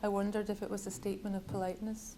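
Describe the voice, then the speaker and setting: Woman author, measured bookshop reading, level even delivery. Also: mid-range voice, slight background noise, poor audio. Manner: measured, literary reading with wry asides. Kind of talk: reading from her novel.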